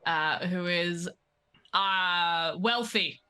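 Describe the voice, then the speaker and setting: A woman's voice: medium pitch, normal speed, sharp tone, soft background music. A woman in her thirties, a player in a tabletop game, chatting in a frank and jokey, self-deprecating way. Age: 30s. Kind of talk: casual chat.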